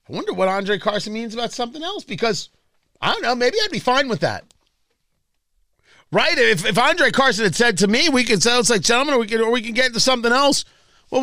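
A man from the Indianapolis area hosts a political talk radio show with a high, sharp-toned voice. He delivers a sarcastic, mocking monologue full of rhetorical questions. The studio sound is clean, with no echo.

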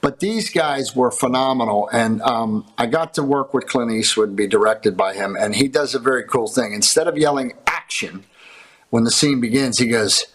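A man from the Pittsburgh area, an actor guest telling lively stories and laughing on a talk show. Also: mid-range voice, moderate pace, hardly any pauses, breathy edge, poor audio. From Pittsburgh area, USA. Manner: animated storyteller who laughs between lines. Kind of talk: casual talk-show storytelling.

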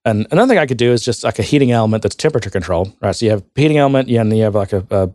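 A man with a somewhat low voice co-hosts a relaxed tech podcast. He thinks out loud, circling back with fillers and half-finished sentences. The sound is dry and close. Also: very fast, dry recording. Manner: thinks aloud, rambling with many fillers. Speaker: podcast co-host. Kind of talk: casual tech podcast chat.

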